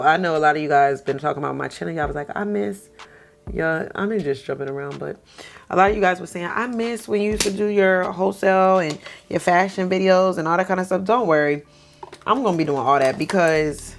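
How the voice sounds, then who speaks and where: A woman's voice: fairly low pitch, creaky. A woman vlogging at home with a desk mic, chatting sassily and animatedly while doing her makeup, swearing freely. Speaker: beauty vlogger. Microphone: first-time desk mic.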